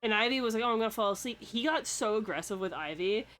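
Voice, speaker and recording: A woman's voice: fairly high pitch, lively intonation, fast talker, fairly bright tone. Chatty young woman, casual swearing. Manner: chatty, swears a lot, laughs often. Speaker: podcast host. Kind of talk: casual chat.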